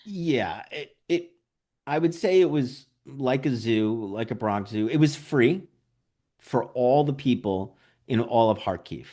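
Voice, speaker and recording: A man's voice: medium pitch, slow pace. A man, a documentary director, talks through his filmmaking experiences in an interview. He tells stories with energy, acts out the voices of the people he met, and fills his speech with "like" and "you know". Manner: animated storyteller, acts out quotes; frequent "like" and "you know" fillers. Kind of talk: interview conversation.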